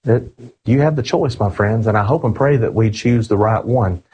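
Husky-voiced man preaching a sermon. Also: lowish voice, normal speed, dark tone, dull audio. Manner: earnest, emphatic, addresses listeners as friends.

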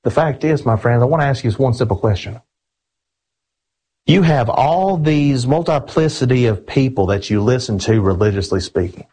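Male preacher, husky voice, earnest and emphatic delivery, slows for scripture readings. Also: mid-range voice, lively intonation, mellow, poor audio. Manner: earnest, emphatic, addresses listeners as friends. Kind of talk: sermon.

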